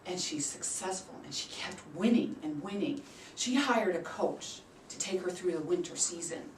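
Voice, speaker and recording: Animated woman telling a story, roomy and distant. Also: normal speed, slight background noise. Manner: animated, acts out quoted voices with big leaps in pitch and loudness. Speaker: speaker at a public speaking club. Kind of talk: prepared storytelling speech. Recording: roomy sound from a distant mic.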